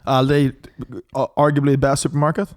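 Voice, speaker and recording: A man's voice: mid-range voice, flat delivery, a little mellow. A young man with a Northern Irish accent, trading crude, dry quips in a casual podcast chat. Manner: quick dry quips, swearing.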